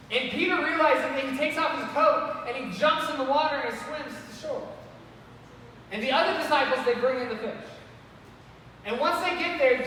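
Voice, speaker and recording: A man teaching a Bible lesson to kids, casual and lively, asking the kids questions and getting them to respond. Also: very high-pitched, slight background noise. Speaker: children's church teacher. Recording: echoey hall, voice from far off.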